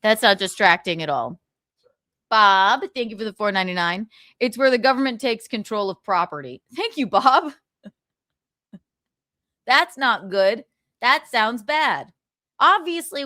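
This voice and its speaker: A woman's voice: mid-range voice, pushed and bright, no room sound, studio quality. A young woman hosting a livestream, chatting casually, reading viewer comments and laughing often. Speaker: livestream host.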